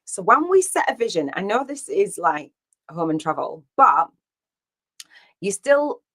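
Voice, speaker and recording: A woman's voice: mid-range voice, very animated, measured pace, fairly bright tone. A woman hosting a casual solo podcast, telling a story in a rambling way, full of fillers and quoted back-and-forth. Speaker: podcast host.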